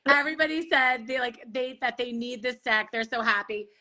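A woman's voice: on the high side, fairly quick, bright, forceful tone. A woman with a New York Long Island accent hosting a casual live-stream chat, gushing and swearing freely, with lots of "like". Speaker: host.

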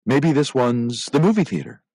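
A man's voice: mid-range voice, expressive, moderate pace, darkish tone, husky, dry recording, pitched above the performer's own voice. A man reading a children's story aloud, voicing a chatty schoolchild who guesses and teases. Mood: musing.

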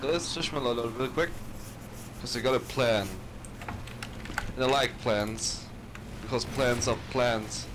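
A man in casual game chat, halting and self-deprecating, with a middle-range voice. Clear background noise runs under his words. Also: mid-range voice. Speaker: guest player. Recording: noisy background.

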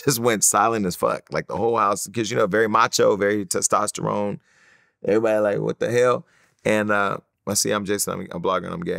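Low-pitched man, frank and profane storyteller, dry close recording. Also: no echo. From California. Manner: candid, profane, animated storytelling. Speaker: interview guest. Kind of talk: storytelling in a sit-down interview.

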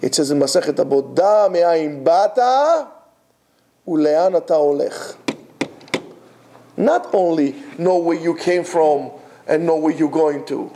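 A man's voice: fairly high pitch, lively intonation, a little slow, pauses often, dark tone, slight background noise. Emphatic man teaching a Torah class. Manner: emphatic, rhetorical questions, repeats phrases.

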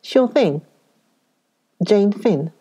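A woman's voice: medium pitch, lively intonation, very slow, dark tone, husky, full character voice. A woman voicing a blunt, pugnacious young American man who talks in a brash, demanding way. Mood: brusque.

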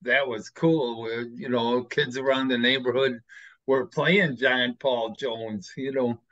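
A man thanks the speakers during an online Q&A at a middle pitch, rambling and full of fillers. His voice comes through dull and muffled, like a video call. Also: steady tone, takes it slowly, a bit bright. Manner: rambling, enthusiastic, many fillers. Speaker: audience member. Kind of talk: casual thanks in a Q&A.

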